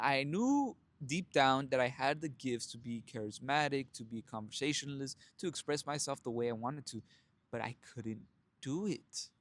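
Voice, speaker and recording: A young man telling his own story in a casual motivational monologue, blunt and profane, calling his listeners brothers and laughing often. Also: medium pitch. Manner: animated storytelling with frequent laughs. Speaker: self-help vlogger.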